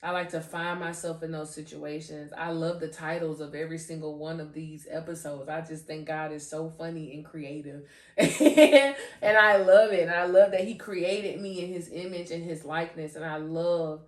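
A woman hosting a faith podcast, animated and giggly, often restarting and repeating her phrases as she trips over words. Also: deep voice, moderate pace, hardly any pauses, distant mic. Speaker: podcast host. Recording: roomy echo, voice off-mic.

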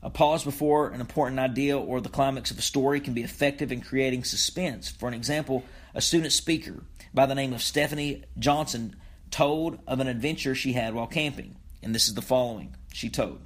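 A man teaching public speaking, explaining delivery and reading example passages aloud to demonstrate loudness, pace and pauses. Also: mid-range voice. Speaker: speech teacher.

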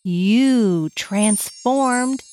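A woman hosting a children's podcast, leading a slow, soothing breathing and movement exercise with sing-song chanting. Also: fairly high pitch, darkish tone, soft background music. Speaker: podcast host guiding parent and child. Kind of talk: guided calm-down exercise for kids.

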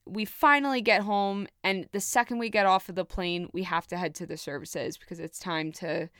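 Young woman host, smooth voice, dry close sound, frank and emotional storytelling with casual swearing. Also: fairly low pitch, fairly even intonation, normal speed, fairly bright tone, no echo. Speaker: podcast host. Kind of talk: candid personal storytelling.

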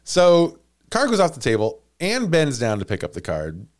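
A man telling a story on a comedy podcast, animated and quick to laugh at his own asides. His voice sits slightly high and swings widely in pitch.

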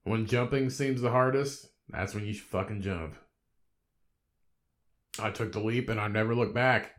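A man's voice: lowish voice, moderate pace, a bit bright. A man in his thirties hosting a solo podcast, laid-back and rambling, swearing constantly and laughing often. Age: 30s. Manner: talks in a rambling, conversational way. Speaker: podcast host.

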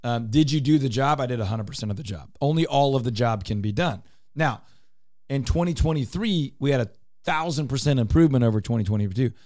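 A man's voice: mid-range voice, animated, fairly quick, a little mellow, no room sound, clean studio sound. A man hosting a talk radio show, explaining his points emphatically and repeating them for clarity. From Texas. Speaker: radio show host, real estate broker.

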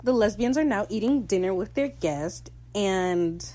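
A young woman giving a casual, excitable episode recap, swearing freely and laughing often. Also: medium pitch, a little slow. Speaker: show recap host.

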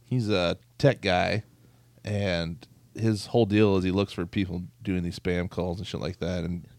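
A man's voice: low voice, steady tone, measured pace, darkish tone, no room sound. A man co-hosting a casual podcast chat, telling stories and laughing often. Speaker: podcast co-host.

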